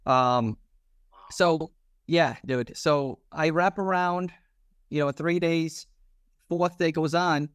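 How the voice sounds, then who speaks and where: Animated slangy man telling a story. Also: on the high side, takes it slowly, long pauses, clear, resonant tone, no room sound. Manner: animated, slangy, acts out quoted dialogue. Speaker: podcast guest, former police officer. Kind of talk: casual storytelling interview.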